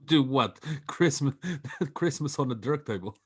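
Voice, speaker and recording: A man co-hosting a comedy podcast, chipping in crude, quick reactive quips. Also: mid-range voice, expressive, husky. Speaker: podcast co-host. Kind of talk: casual chat.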